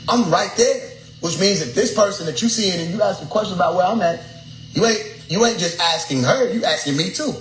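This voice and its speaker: Animated preachy man, echoey room. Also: high voice, fairly quick. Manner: animated, preachy, swears freely, laughs often. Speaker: speaker addressing his followers. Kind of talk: casual storytelling lecture. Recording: echoey room with faint ambient noise.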